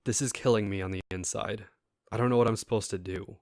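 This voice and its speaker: A man with a fairly low voice reads a first-person story aloud in an easy, casual way. He breaks off now and then to talk straight to his listeners. The sound is dry and close, with no room echo. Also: fairly even intonation, fast, darkish tone. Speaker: story reader.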